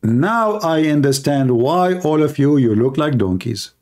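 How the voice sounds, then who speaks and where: A man's voice: a little high, lively intonation, a little slow, darkish tone. A man hosting a live stream, delivering a sarcastic, mocking monologue in nonstandard English grammar. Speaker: host of a live religious debate stream.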